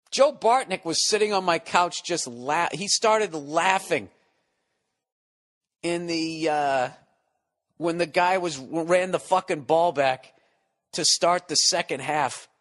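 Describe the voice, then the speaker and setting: Male comedic podcast host, forties, profane rambling rant, slightly higher pitch. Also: fairly bright tone. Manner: profane, rambling, mock-exasperated.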